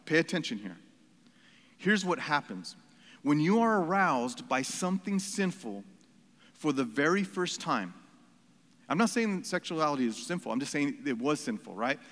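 Pastor, male, fairly high voice, earnest and emphatic sermon with a long hall echo. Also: very animated, moderate pace, a bit bright. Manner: earnest, emphatic preaching with repeated phrases and asides. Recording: reverberant hall.

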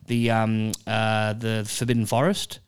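Hesitant man, smooth clear voice. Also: lowish voice, flat delivery, a little slow. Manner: hesitant, full of ums and uhs. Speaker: podcast co-host. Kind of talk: casual chat.

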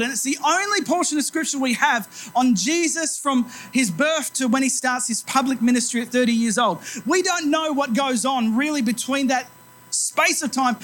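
A man's voice: extremely high pitch, a bit bright. A man in his thirties preaching a sermon as pastor, telling stories in a conversational, self-deprecating way.

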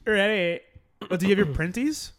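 A man's voice: high voice, expressive, normal speed, fairly bright tone. A man co-hosting a podcast in casual, goofy banter. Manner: goofy, joking, breaks into laughter. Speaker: podcast co-host.

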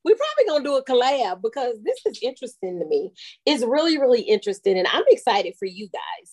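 Brash high-voiced middle-aged woman guest. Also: big pitch swings, fast, a little mellow, no room sound. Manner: brash, profane, bold joking. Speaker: podcast guest and host of her own show. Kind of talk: casual chat.

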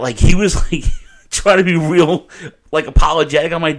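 A man's voice: mid-range voice, lively intonation, fairly quick. A man hosting a casual podcast chat, a rambling storyteller who swears and restarts often. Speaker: podcast host.

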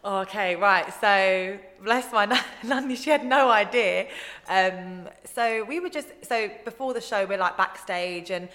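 Unhurried and mid-range, a young woman guest spins chatty stories, acting out what others said in animated voices. The casual chat echoes with long reverb in a roomy space.

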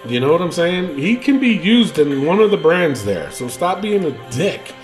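Rambling, animated podcast host, high-voiced, swears a lot. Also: male voice, moderate pace, soft background music. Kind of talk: casual wrestling chat.

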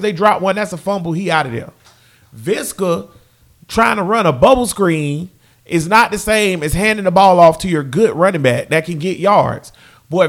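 A high-voiced young man breaks down his team's offense in a casual fan rant. He keeps circling back to the same phrases and talks directly to the people watching. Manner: animated, repeats phrases, talks straight to viewers. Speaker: sports fan commentator.

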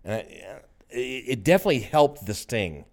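A man's voice: medium pitch, sing-song, normal speed. A man in casual chat, telling a personal story in a rambling way with restarts.

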